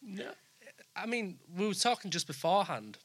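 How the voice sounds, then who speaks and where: Yorkshire-Brummie male host, bright and dry. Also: high voice, very animated, breathy edge, dry recording. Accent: mixed Yorkshire and Brummie. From England. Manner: halting, restarts, effusive. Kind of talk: casual interview chat.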